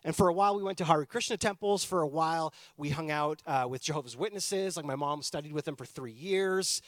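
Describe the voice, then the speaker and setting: A man in his thirties from Canada, a pastor telling a personal story in a chatty, animated sermon style. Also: on the high side, brisk, dry recording, studio quality.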